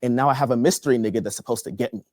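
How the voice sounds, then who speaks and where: A young male comedian from Texas tells a long story on stage. He delivers it with animated energy and a lot of profanity. His voice sits in a middle range and sounds dry and close, with no echo. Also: mid-range voice, racing. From Texas, USA. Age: young adult. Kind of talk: stand-up comedy.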